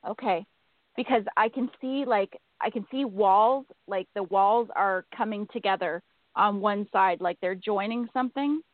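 A woman's voice: medium pitch, unhurried, no echo. A woman giving a psychic reading on a call-in radio show, hesitantly relaying messages she says she receives. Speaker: psychic medium. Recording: dry tinny phone line.

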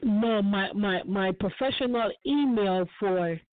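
A woman's voice: medium pitch, takes it slowly. Earnest woman testifying over the phone. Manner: earnest, repeats phrases for emphasis. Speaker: guest on a call-in talk show. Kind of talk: emotional personal testimony. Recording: dry tinny phone line.

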